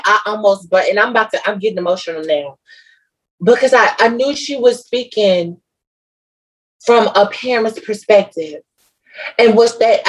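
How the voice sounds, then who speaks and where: A woman with a husky, slightly high voice tells a story on a podcast. She talks in a lively, emotional way and uses plenty of slang. It is casual, loose chat. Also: low-quality recording. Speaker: podcast co-host.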